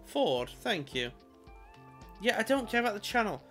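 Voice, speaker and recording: A man's voice: sits high, big pitch swings, moderate pace, a bit bright, soft background music. A British man giving let's-play commentary on a video game, muttering with exasperated, sarcastic remarks and the odd swear word. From Britain. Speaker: gamer and video creator.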